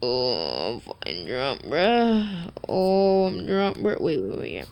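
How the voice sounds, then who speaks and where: A woman voicing a rowdy drunk young guy who picks fights, slurring and swaggering in a low put-on voice. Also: wildly swooping pitch, takes it slowly, darkish tone, exaggerated voice. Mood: drunk, taunting.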